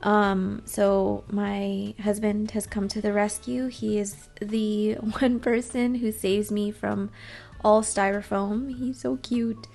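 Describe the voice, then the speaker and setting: A woman's voice: medium pitch, flat delivery, takes it slowly, gravelly, darkish tone. A woman doing a casual, rambling vlog voice-over in a chatty, self-deprecating way. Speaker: vlogger.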